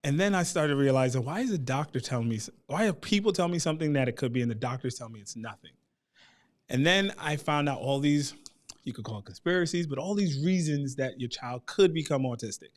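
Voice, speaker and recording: A man in his thirties as a guest, telling a personal family story in a lively way and acting out the voices of the people he quotes. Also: medium pitch, a little fast. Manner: animated, acts out quoted voices.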